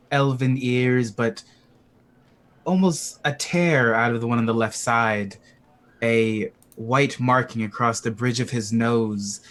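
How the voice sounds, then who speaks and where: Male player, unhurried, describes his character piece by piece. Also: medium pitch, fairly bright tone.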